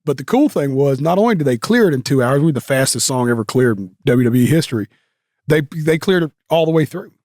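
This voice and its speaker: A man's voice: medium pitch, expressive, fast talker, a little mellow, no room sound, clean studio sound. A male guest telling stories in a casual interview, rambling with many fillers and restarts. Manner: rambling, filler-heavy, with self-corrections.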